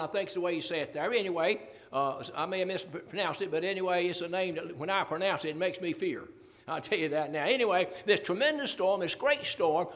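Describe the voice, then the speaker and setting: A man's voice: high-pitched, a bit bright. A man preaching a sermon, emphatic, asking the listeners repeated rhetorical questions and chuckling between points. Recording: long reverb of a hall.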